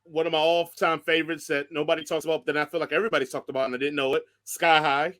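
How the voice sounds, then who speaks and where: A man's voice: on the high side, little pitch movement, rapid-fire, a bit bright. A man hosting a podcast in casual chat, joking, laughing often and rambling through lists. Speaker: podcast host.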